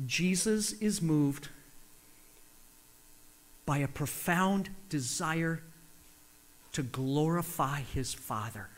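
Male preacher, high voice, animated, switches between English and Spanish line by line. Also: very slow, pauses often. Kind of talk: sermon with own Spanish interpretation.

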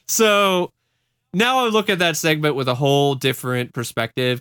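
A man's voice: a little high, a little slow, a bit bright, smooth, no echo, studio quality. A man hosting a casual podcast, telling a story in a wry, rambling way with frequent laughs. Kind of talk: casual chat.

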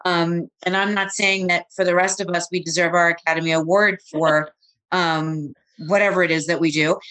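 A woman co-hosting a podcast, introducing a guest earnestly with halting phrasing. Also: fairly low pitch, a bit bright, low-quality recording. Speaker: podcast co-host.

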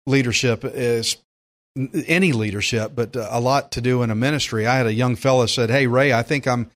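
A man's voice: mid-range voice, brisk, a bit bright. An older man teaching through the Bible as a pastor, folksy and emphatic, acting out quotes as he goes.

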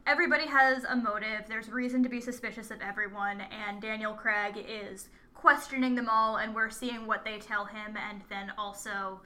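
A woman's voice: mid-range voice, steady tone, normal speed, few pauses, pushed and bright. A woman in casual conversation, recapping a film's plot with hesitant fillers and restarts. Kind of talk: casual movie recap chat.

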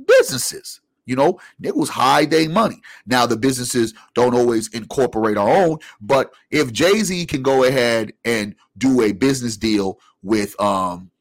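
A man in casual podcast conversation, arguing his view with force. His ordinary voice sits at a middle pitch, and it jumps high when he presses a point. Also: moderate pace, hardly any pauses. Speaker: podcast co-host. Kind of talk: casual chat.

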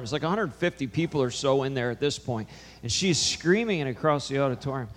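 A man's voice: medium pitch, quick pace, fairly bright tone. A man preaching a sermon, telling a story with emphatic rises and drops in his voice. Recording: long hall reverb.

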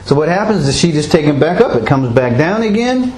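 A man's voice: fairly high pitch, very animated, fairly quick, darkish tone. A man leading a Bible study, asking the group questions and chuckling often as he explains. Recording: roomy echo, faint background noise.

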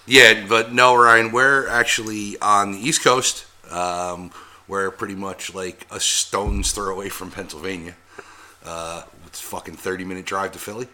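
A man's voice: on the low side, steady tone, measured pace, sharp tone. A man co-hosting a podcast in casual chat, making laid-back, wisecracking remarks. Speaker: podcast co-host.

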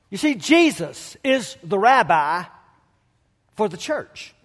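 Emphatic high-voiced male preacher in a hall. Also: expressive. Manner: emphatic, dramatic pauses, storytelling. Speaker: pastor. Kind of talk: sermon.

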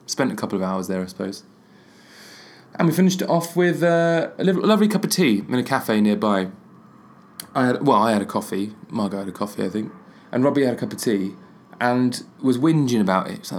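A man's voice: mid-range voice, expressive, brisk. Man, twenties, solo podcast host, rambling, self-deprecating. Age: 20s.

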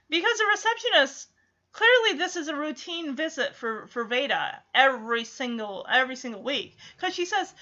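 A woman's voice: high-pitched, animated, moderate pace, bright, forceful tone. A woman giving casual, sarcastic running commentary while watching a film, laughing often. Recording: slightly dull lo-fi audio.

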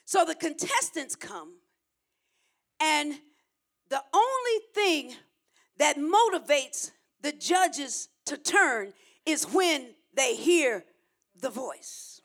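Woman preacher, sermon; gravelly, emphatic, repeats lines for the crowd to echo. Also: high-pitched, big pitch swings, very slow, fairly bright tone. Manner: emphatic, repetitive call-and-response preaching.

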